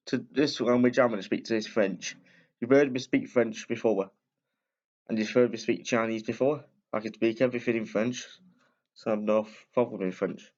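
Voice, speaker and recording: A man's voice: medium pitch, darkish tone, lo-fi sound. Rambling man reading a picture book aloud. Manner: rambling, chatty, frequent self-corrections. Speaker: storyteller and video host. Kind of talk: casual read-aloud of a picture book with asides.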